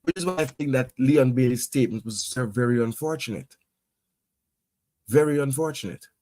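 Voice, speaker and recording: A man's voice: medium pitch, normal speed, a little mellow, dry recording. A man talking football in a casual chat, often stammering as he builds a point. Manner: stammering, conversational. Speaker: podcast co-host.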